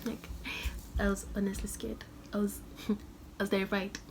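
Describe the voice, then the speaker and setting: A woman's voice: mid-range voice, monotone, moderate pace, a little hiss or hum. A young woman vlogging casually, telling a story dramatically and often dropping into whispered asides.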